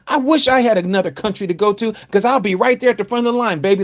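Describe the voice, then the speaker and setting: Fired-up preaching man. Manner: emphatic preaching that swings from low, slow reading to loud, fired-up exhortation; conversational asides, rhetorical questions. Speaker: Bible study teacher. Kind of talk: livestreamed sermon-style Bible teaching.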